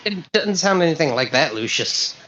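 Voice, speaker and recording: A woman's voice: low voice, very animated, normal speed, fairly bright tone, slight background noise. A woman playing in a tabletop role-play game, who talks hesitantly and often restarts her sentences. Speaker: player. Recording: slightly dull lo-fi mic.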